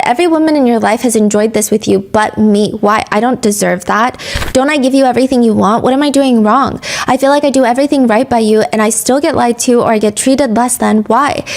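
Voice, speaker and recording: A woman hosting a true crime podcast, narrating court testimony and reading text messages aloud in an earnest storytelling manner. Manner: earnest storytelling, rises in pitch when reading emotional texts aloud.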